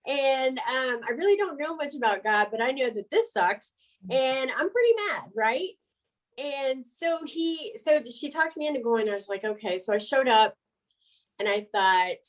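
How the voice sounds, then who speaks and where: A middle-aged woman, an interview guest, telling her story candidly, frank and animated, laughing between words. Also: sits high, moderate pace, poor audio.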